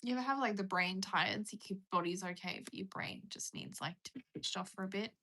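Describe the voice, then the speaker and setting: A woman's voice: mid-range voice, a little fast, bright, forceful tone. A young Australian woman hosting a casual livestream, chatting in a rambling, self-mocking way while she reads out viewer comments. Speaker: livestream host.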